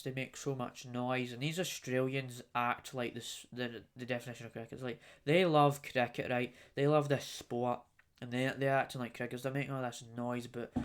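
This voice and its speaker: A man's voice: mid-range voice, level tone, normal speed. A young adult man hosting a solo podcast, rambling and ranting jokingly, with frequent swearing. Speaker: podcast host.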